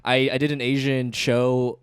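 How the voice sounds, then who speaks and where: A man's voice: medium pitch, flat delivery, clear, resonant tone, no echo. A man with a mid-range voice chats on a comedy podcast, firing off teasing questions and laughing often. The recording is close and dry. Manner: teasing, asks quick questions, laughs a lot. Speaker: podcast co-host, stand-up comic. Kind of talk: casual comedy podcast chat.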